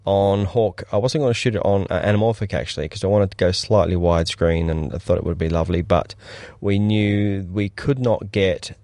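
A man with a fairly low voice, recorded dry and close to the mic. He talks casually about shoots, rambling and swearing a little, and bursts into lively acted-out quotes. Relaxed podcast chat between friends. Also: fairly quick, few pauses, dry recording. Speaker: podcast co-host, cinematographer.

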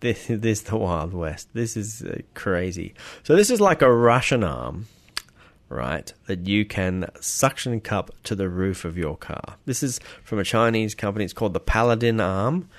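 A man's voice: fairly low pitch, very animated, moderate pace, no room sound. An Australian man co-hosting a podcast, chatting casually in a rambling, hesitant way with many fillers and restarts, and joking at his own expense. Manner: self-deprecating. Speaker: podcast co-host. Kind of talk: casual chat.

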